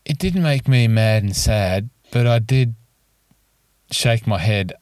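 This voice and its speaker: A man's voice: on the low side, expressive, slow, darkish tone, no room sound. A man with an Australian accent co-hosting a casual golf podcast in easygoing banter. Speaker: podcast co-host.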